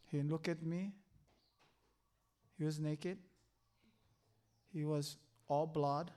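An older man giving a personal faith testimony, halting and earnest, with many fillers. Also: on the high side, a little mellow. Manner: halting, earnest, full of "you know" fillers.

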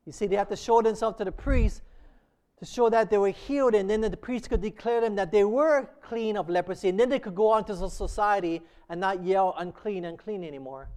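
Male pastor, very high voice, emphatic sermon delivery with rhetorical questions. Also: brisk, darkish tone, clean tone.

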